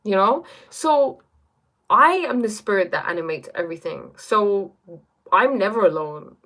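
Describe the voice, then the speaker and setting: A woman's voice: mid-range voice, animated, normal speed, bright, forceful tone. A woman hosting a casual live stream from her bedroom, reading chat aloud and musing reflectively, often checking in with "right?" and "you know?". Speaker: livestream host reading chat.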